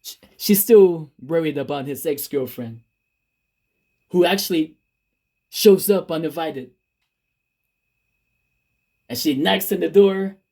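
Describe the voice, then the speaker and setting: A man's voice: fairly high pitch, slow pace, creaky, pauses often, warm tone. A man casually retelling a made-up love story, rambling with restarts.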